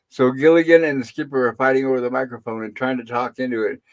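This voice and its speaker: A middle-aged man hosts a casual online show, walking listeners through an old sitcom episode scene by scene. His voice sits at an ordinary pitch for a man. He rambles, pausing and filling gaps as he goes. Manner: rambling retelling with pauses and fillers. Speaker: host. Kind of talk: casual episode recap on a live stream.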